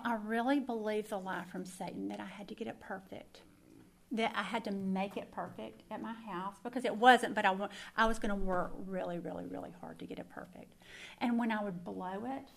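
A woman's voice: a little high, vocal fry. A middle-aged woman, sharing a personal testimony in a sermon, earnest and emphatic, repeating words for stress. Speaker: Christian speaker.

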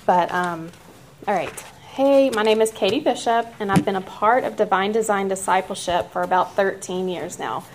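A woman's voice: mid-range voice, normal speed. A nervous woman introduces herself to her group, reading from a page. She stands a little back from the mic, with faint noise under her voice.

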